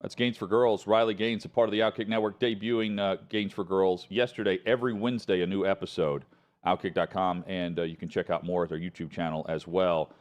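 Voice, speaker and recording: A man hosting a sports talk show, chatting in a relaxed, conversational way. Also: sits low, brisk. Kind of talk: casual talk show chat.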